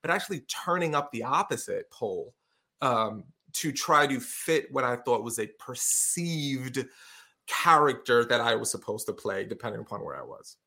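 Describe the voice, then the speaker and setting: A middle-aged man with a bright, forceful voice tells stories in a relaxed conversation. He slips into quick impressions of what others said, keeping his delivery lively. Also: mid-range voice, gravelly. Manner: animated storyteller, acts out quotes. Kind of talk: casual conversation.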